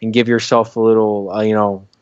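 A man's voice: fairly low pitch, little pitch movement, brisk, darkish tone, clean tone, no room sound, lo-fi sound. A young man co-hosting a sports podcast, talking casually with lots of fillers and restarts. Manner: hesitant, many fillers. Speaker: podcast co-host.

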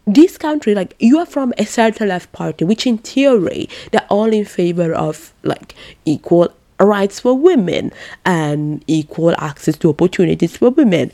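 A young woman from Italy hosting a podcast, talking in a casual, animated and emphatic way, full of fillers and exasperated asides. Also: mid-range voice, moderate pace, no room sound. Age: young adult. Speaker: podcast host. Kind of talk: casual solo commentary.

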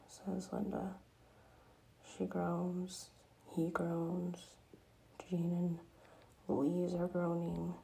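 Woman narrator, low gravelly whisper, whispered role-play recap. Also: completely flat delivery, drawn-out words, pauses often, low-quality recording. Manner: soft whispered retelling. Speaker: storyteller.

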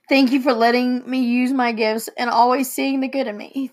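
A woman's voice: sits high, steady tone, unhurried. A young woman, a daughter co-hosting, reading heartfelt letters aloud and fighting back tears. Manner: tearful, emotional reading. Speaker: co-host and daughter.

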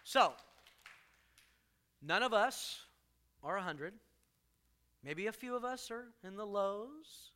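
A man preaching a sermon to a congregation, joking with the crowd and punching key lines with sudden loud emphasis. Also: sits high, expressive, takes it slowly, pauses often. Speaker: pastor.

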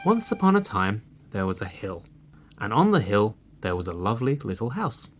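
A man reading a folk tale aloud as a storybook narrator, expressive and unhurried. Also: on the low side, soft background music.

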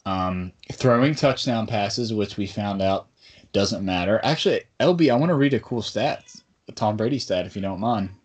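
A man's voice: lowish voice, normal speed, slightly rough. A man hosting a casual sports podcast, talking in a rambling, bantering way. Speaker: podcast host.

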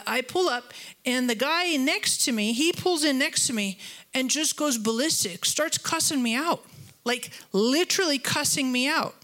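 Woman pastor, conversational sermon with funny asides, bright and slightly high voice. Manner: chatty storytelling with humor and asides; animated, voice jumps higher when retelling conflict.

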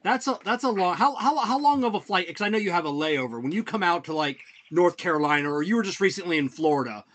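Man, podcast host, casual chat, bright tense voice, slightly higher pitch. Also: expressive, fast talker. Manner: chatty, laughing, repeats words when starting.

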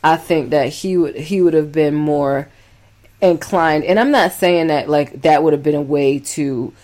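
A woman co-hosting a couple's podcast, telling her side with animated, emphatic storytelling. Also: low-pitched, a little slow. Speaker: podcast co-host. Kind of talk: casual couple's podcast chat.

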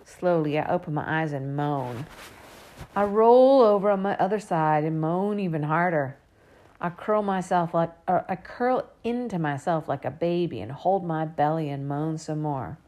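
A woman narrating a first-person children's story in a lively, expressive way. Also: low voice, moderate pace. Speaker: audiobook narrator.

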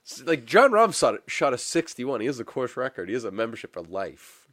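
A man co-hosting a casual golf podcast, rambling through stories and getting animated when excited. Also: mid-range voice, brisk, no room sound, studio quality. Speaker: podcast co-host. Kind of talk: casual chat.

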